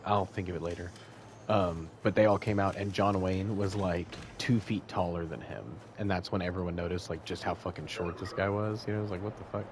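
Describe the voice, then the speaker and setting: Low-voiced man rambling a crude story. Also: steady tone, a little fast, noisy background. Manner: rambling, profane, loses his thread. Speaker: podcast co-host. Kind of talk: casual storytelling.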